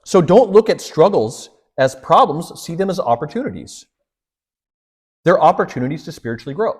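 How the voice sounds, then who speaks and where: A man's voice: a little high, animated, moderate pace, breathy edge. A man who is a priest, giving a storytelling lecture and acting out the dialogue in his stories.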